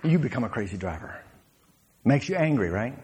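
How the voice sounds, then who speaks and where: A man, a former pro football player, telling stories from his playing days as a sermon to a congregation, laughing and shouting his punchlines. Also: medium pitch, big pitch swings, brisk, a little hiss or hum.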